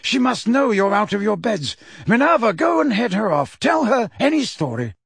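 A man voicing an elderly wizard headmaster who speaks in a measured, authoritative and courteous way, in a dry, close recording. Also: high voice, sing-song, fairly bright tone, breathy edge, no room sound, pitched above the performer's own voice, heavily acted. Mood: brisk, urgent. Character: elderly wise male headmaster wizard, calm and commanding.

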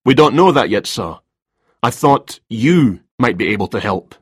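A man's voice: mid-range voice, expressive, unhurried, breathy edge, no echo, studio quality. A man voicing a terse, coolly formal male detective inspector in an audiobook. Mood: firm.

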